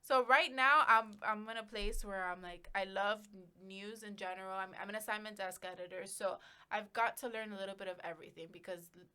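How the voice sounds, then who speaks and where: A woman journalist chats as a podcast guest, rambling through her points with plenty of fillers and easy laughter. Her voice sits at a middle pitch. She is recorded up close on a podcast mic. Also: fairly even intonation, fairly quick, bright, forceful tone, clear, resonant tone. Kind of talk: casual interview chat.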